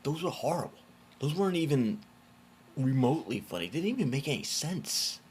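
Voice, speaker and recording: A man's voice: a little high, very animated, brisk, a little mellow, a little hiss or hum. A man hosting a casual commentary video, talking in a sarcastic, incredulous way.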